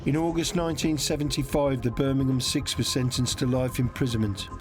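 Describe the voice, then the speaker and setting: A man giving scripted documentary narration in a measured, even manner. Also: mid-range voice. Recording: narration over clear background music.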